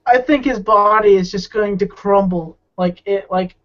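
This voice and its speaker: Speaking at a moderate pace, a man with a high, fairly bright voice is interviewed as a guest. The conversation is casual; he meanders, hesitates and restarts often, captured in muffled lo-fi sound.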